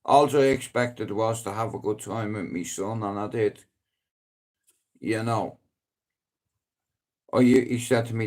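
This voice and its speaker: A middle-aged man with a Dublin accent rambling on a casual live stream, swearing freely and breaking into loud emphatic outbursts. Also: on the low side, steady tone, unhurried, pauses often. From Ireland.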